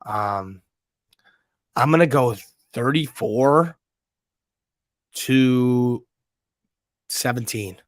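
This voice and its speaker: A man co-hosting a casual sports podcast, joking loudly and swearing, with a hoarse voice. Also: medium pitch, expressive, drawn-out words, pauses often, no echo, clean studio sound. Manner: loud, joking, swears freely. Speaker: podcast co-host.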